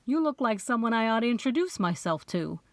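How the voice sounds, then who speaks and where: A woman's voice: on the high side, big pitch swings, brisk, no echo. A woman voicing a polished male theater critic. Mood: smooth. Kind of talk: audiobook character voice.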